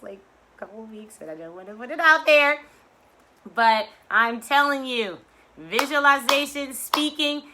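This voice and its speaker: Bright, effusive woman leading affirmations. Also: a little high, a little hiss or hum. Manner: effusive, chatty, lots of "you know" and restarts. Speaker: affirmation and mindset teacher leading a weekly online session. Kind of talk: guided breathing and motivational talk.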